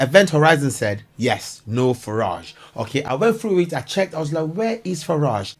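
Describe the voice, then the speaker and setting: A man giving casual, joking commentary to his viewers, excitable and chatty, calling them guys. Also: on the high side. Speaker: commentary vlogger.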